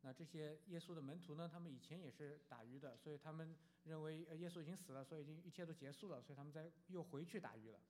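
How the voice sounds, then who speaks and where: A man interpreting a sermon phrase by phrase, quick and halting, with fillers. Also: a little high, a little mellow, slight background noise.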